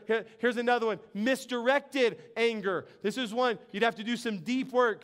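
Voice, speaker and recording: A middle-aged man delivers a sermon in a very high, smooth and clear voice. He preaches earnestly, with a conversational, storytelling manner. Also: fairly bright tone. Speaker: pastor.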